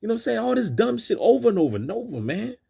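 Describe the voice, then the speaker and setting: Very animated and rapid-fire, this video host has a high, warm, husky voice with vocal fry. He rants preachily in street slang over film clips, repeating himself and stumbling through constant restarts.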